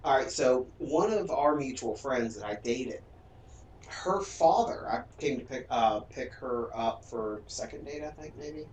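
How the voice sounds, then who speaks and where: A chatty man from Central Virginia who tells stories and jokes while he streams a game with friends. His voice sits in a middle pitch. He is heard from a distance in an echoing room with a faint hum behind. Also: expressive, a little slow. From Central Virginia, USA. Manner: chatty, storytelling, joking. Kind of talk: casual chat during a game stream.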